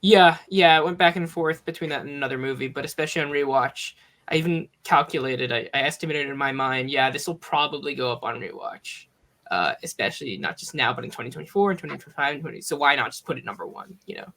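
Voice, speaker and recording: A man's voice: fairly high pitch, fast, a bit bright. A man who is a podcast guest, chatting casually and eagerly, correcting himself as he thinks aloud.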